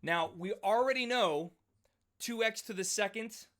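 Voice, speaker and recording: A math teacher in his forties leads a live class with a bright, forceful voice that's a little high for a man. He keeps a measured pace while chatting animatedly, calling on students by name and drifting into side stories.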